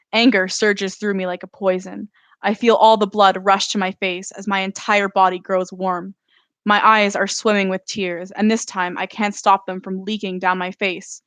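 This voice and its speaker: A woman's voice: mid-range voice, moderate pace, no room sound. Woman author reading her novel, dry sound. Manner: steady first-person narration.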